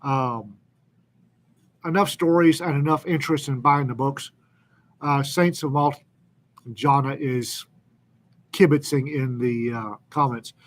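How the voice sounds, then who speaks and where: A man co-hosting a casual live chat, making announcements with lots of pauses and ums, and joking about himself. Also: medium pitch. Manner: halting, many ums, self-deprecating. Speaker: co-host, anthology editor.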